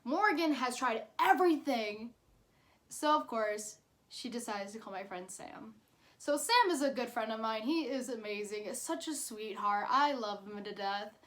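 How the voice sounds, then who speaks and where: A young woman with a high, light voice tells a personal story in a relaxed, casual way. She is animated and emphatic, talking straight to her viewers like a friend. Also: normal speed. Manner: animated, emphatic, swears and laughs while telling. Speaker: vlogger.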